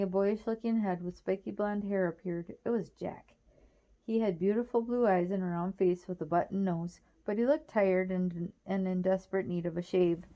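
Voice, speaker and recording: A woman reading a children's novel aloud in a plain, steady storytelling manner. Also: medium pitch, dull audio. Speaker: reader.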